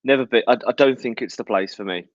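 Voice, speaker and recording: A man's voice: medium pitch, fast, dry recording. A man with a Birmingham accent co-hosting a live podcast, chatty and teasing, talking between bites of food. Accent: Birmingham English. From Birmingham, England. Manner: chatty, teasing, talks while eating. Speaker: podcast co-host. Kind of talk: casual live podcast chat. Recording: dull lo-fi dry sound.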